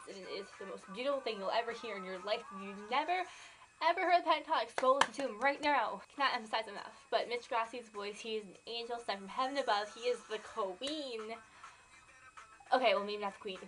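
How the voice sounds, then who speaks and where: A nineteen-year-old woman vlogging, gushing excitedly about a band she loves, full of "like" and "oh my gosh". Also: on the high side, rough recording. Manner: excitable, gushing, filler-heavy. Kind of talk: gushing fan vlog.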